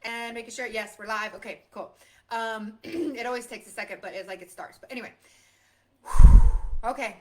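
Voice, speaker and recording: Bright-voiced woman preaching on a live stream. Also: a little high, normal speed, long pauses. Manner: impassioned, rambling, emphatic repetition. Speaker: host of a motivational live stream. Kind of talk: unscripted live stream monologue.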